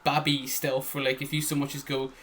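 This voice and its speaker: A man's voice: mid-range voice, completely flat delivery, brisk, a bit bright. A young man, rambling and chuckling as a podcast co-host in casual chat, often trailing off.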